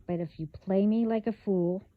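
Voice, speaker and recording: A woman talking bluntly in a casual spiritual vlog, halting, with many fillers and restarts. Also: mid-range voice, no echo. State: hiccups. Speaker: vlogger. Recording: phone-like band-limited audio.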